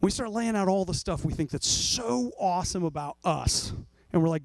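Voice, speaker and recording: A pastor preaching in a loose, conversational way, his voice pitched high for a man. He jokes and slips into mock voices of the people he describes. The sound is close and dry, with no room around it. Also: animated, normal speed, gravelly, dry recording. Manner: jokey, acts out voices of people and God. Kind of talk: casual conversational sermon.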